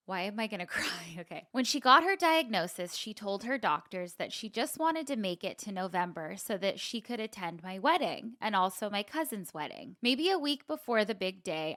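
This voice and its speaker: A woman's voice: medium pitch, sharp tone, dry recording, studio quality. A woman co-hosting a podcast, chatting candidly and reading out a listener email, laughing easily. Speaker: podcast co-host.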